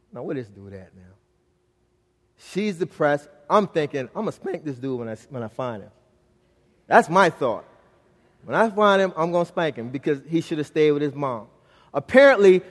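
Storytelling preacher man, high voice, reverberant hall. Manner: storytelling preacher, swings from loud to hushed. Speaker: pastor. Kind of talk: sermon.

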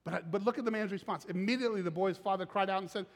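A man preaching a sermon as pastor, animated and acting out scripture quotes in dramatic voices. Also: high voice, fast, few pauses. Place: church auditorium. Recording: long reverb of a large hall.

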